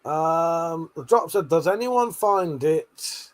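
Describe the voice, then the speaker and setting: A man's voice: a little high, expressive, slow pace. A man hosting a casual late-night livestream, reading out chat messages with lots of swearing, laughter and joking banter.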